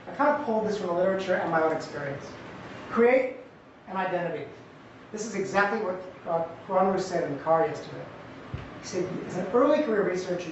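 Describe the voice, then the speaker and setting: A man's voice: high-pitched, slight background noise. Man, conference presenter, chatty academic talk, echoey lecture hall, mic far off. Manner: conversational and lively, with jokey asides. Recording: echoey hall, distant mic, dull sound.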